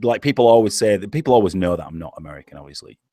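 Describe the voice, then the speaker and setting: A man's voice: deep voice, animated, very fast, mellow, husky, dry recording, studio quality. An Englishman with a Yorkshire accent in a casual online chat, laid-back, swearing and laughing often. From England. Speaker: show host.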